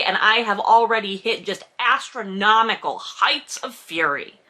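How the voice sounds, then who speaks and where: A woman's voice: medium pitch, animated, measured pace, hardly any pauses. Sarcastic, exasperated woman recapping a book. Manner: sarcastic, exasperated, swears often; bursts into loud indignant outbursts.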